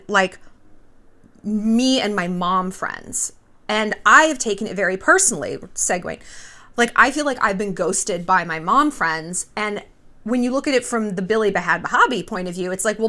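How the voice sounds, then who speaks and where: A woman's voice: mid-range voice, bright, forceful tone. A woman hosting a vlog, with candid, chatty commentary laced with profanity. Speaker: vlog host. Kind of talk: casual commentary.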